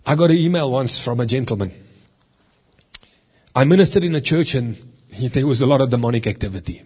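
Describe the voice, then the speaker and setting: A man's voice: medium pitch, lively intonation, fairly quick, darkish tone, husky. A middle-aged man, a deliverance minister, giving a teaching sermon in an earnest, conversational way and reading from scripture as he goes.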